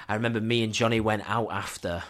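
A young man chats casually on a podcast, his voice sitting on the low side. He tells laughing, rowdy stories about football away days and says "were" where others say "was". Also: steady tone, quick pace, fairly bright tone. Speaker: podcast co-host. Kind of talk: casual chat.

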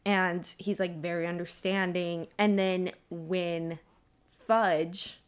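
A woman's voice: lowish voice, little pitch movement, slow pace, clean tone. Young woman, casual podcast co-host, chatty, lots of "like"s. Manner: chatty, many "like"s, laughs while retelling scenes. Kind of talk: casual book discussion.

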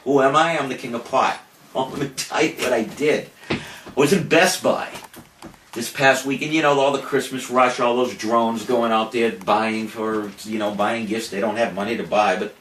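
An older man, a podcast host, telling a boastful story in a brash, animated way. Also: mid-range voice, moderate pace. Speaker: podcast host saying farewell. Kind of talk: casual storytelling monologue. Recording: roomy, distant, faint noise.

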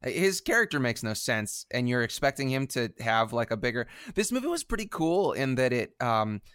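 A man in casual chat, animated, often restarting his sentences. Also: mid-range voice, moderate pace, clean tone, no room sound, clean studio sound. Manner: animated, stammering restarts, swears.

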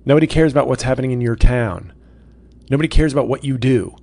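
A male comedian hosting his podcast, ranting with heavy sarcasm and profanity, often stopping to restart his sentences. His voice is gravelly and sits at a medium pitch. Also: fast, dark tone.

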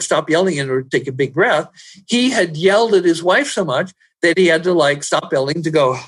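A man who works as a personal growth trainer, telling stories in an interview, animated and rising loud at the dramatic moments. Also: sits high. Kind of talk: storytelling in an interview.

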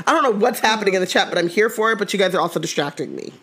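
A woman's voice: mid-range voice, animated, very fast, a bit bright, a little hiss or hum. A woman co-hosting a casual podcast, laughing often and reading out listener comments in playful banter. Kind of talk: casual chat.

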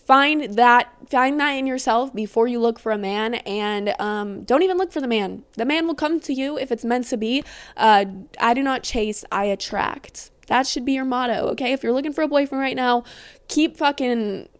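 A young woman talks through her podcast in a loose, rambling way, her voice sitting a little high. She giggles often and swears without a second thought. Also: moderate pace, clear, resonant tone. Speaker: podcast host. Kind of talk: casual chat.

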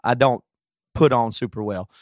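A man's voice: medium pitch, normal speed, no echo, studio quality. A man co-hosting a podcast in casual chat, telling stories and acting out the arguments in them. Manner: animated storytelling, acting out quoted arguments. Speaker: podcast co-host.

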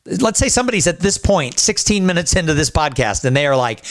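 Lively, animated male podcast host. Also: fairly high pitch, fairly quick, few pauses. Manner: animated, self-deprecating, thinks aloud. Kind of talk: casual interview chat.

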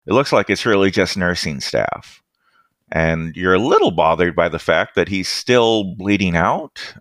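Lively-voiced man running a tabletop game. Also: no room sound, studio quality. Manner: easygoing, halting with fillers, brief squeaky voices for side characters. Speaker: game master.

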